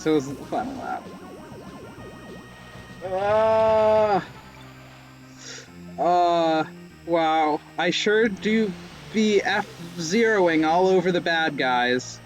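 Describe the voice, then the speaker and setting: A young man streaming live gameplay, rambling with self-mocking jokes and sudden yelps. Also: on the high side.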